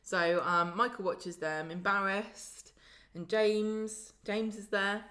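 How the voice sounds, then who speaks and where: A woman's voice: mid-range voice, flat delivery, fairly bright tone. Woman, chatty podcast co-host, slips into character voices. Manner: chatty, acts out characters' lines in quick voices. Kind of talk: casual chat recapping a soap.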